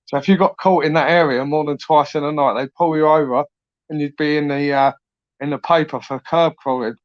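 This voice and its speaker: A man's voice: a little high, steady tone, brisk. A man telling rambling stories in casual chat, swearing freely and ending lines with tag questions like "innit". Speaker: podcast host. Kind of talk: casual storytelling monologue. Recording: muffled lo-fi audio.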